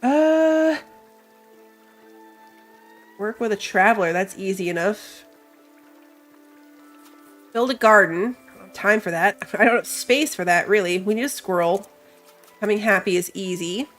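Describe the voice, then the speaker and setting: A woman's voice: mid-range voice, measured pace, pauses often, a bit bright. A woman with a stuffy nose from allergies gives casual let's-play commentary. She thinks aloud as she plays, reads game text, and laughs at herself. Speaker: gamer. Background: game music.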